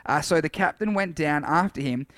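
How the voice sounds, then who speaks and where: A man's voice: a little high, moderate pace, no room sound, studio quality. A man preaching a casual sermon, reading Bible passages aloud and breaking off for chatty asides. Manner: reads scripture aloud with dramatic shouts for quoted lines, chatty asides.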